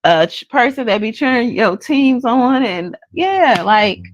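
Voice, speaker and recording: Casting: soft-spoken woman, higher voice that swings widely, dry close sound. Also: animated, unhurried, muffled recording. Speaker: podcast co-host. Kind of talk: casual chat.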